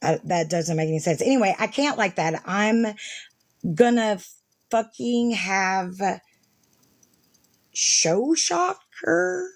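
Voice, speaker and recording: A woman vlogger drawls along at an unhurried pace, rambling casually and swearing freely between fillers. Her voice sits at a middle pitch, and the recording is close and dry, with no room echo. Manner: rambling, profane, many fillers. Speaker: vlogger reading messages aloud. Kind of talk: casual storytelling.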